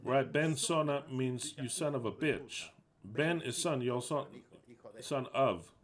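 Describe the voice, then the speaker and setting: A man with a mid-range voice gives a live spoken interpretation of a sermon talk, voicing the preacher. Animated yet unhurried, he is agitated and emphatic, cursing and repeating himself.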